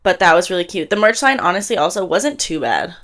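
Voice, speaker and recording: A woman in her twenties from Canada, co-hosting a podcast in casual chat, telling an animated story and acting out what people said. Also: fairly low pitch, a little fast. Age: 20s. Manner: animated storytelling, acts out quotes. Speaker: podcast co-host.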